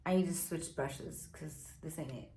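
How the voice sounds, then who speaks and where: A woman's voice: low-pitched, normal speed, dark tone. A woman vlogger telling a gossip story while doing her makeup at home, chatty with dramatic asides to viewers. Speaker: beauty vlogger. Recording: echoey room.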